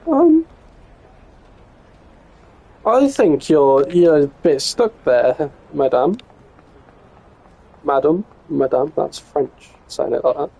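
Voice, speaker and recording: Casual English male streamer, gravelly and mellow, muttering play-by-play with the odd swear. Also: fairly high pitch, huge pitch swings, takes it slowly, long pauses, rough recording. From England. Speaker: live streamer. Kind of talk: casual gameplay commentary.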